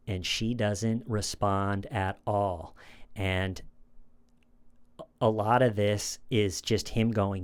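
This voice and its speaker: A man's voice: on the low side, fairly even intonation, takes it slowly, pauses often, clean tone. A man giving casual true crime commentary, retelling a scene in a conversational way with repeated phrases and small restarts.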